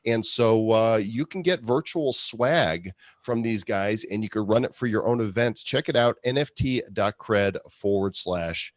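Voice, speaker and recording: A man hosting a podcast, chatting briskly with fillers as he reads a sponsor spot. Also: fairly low pitch, dry recording, clean studio sound. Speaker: podcast host. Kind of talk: podcast talk with sponsor read.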